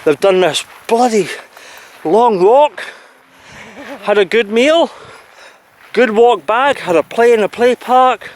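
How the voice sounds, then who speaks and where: A man's voice: high-pitched, slow pace, long pauses, a little hiss or hum. A Scottish man chatting casually on a holiday vlog, rambling through his story of the day. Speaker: vlog host. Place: outdoors by a boat.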